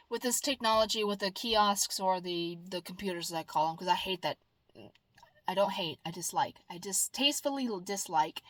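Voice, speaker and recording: A middle-aged woman talking straight to camera in a casual, rambling vlog, jumping from loud outbursts to soft asides. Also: medium pitch, no room sound, rough recording. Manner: rambling, emphatic, swings between loud exclamations and soft asides. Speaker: vlogger.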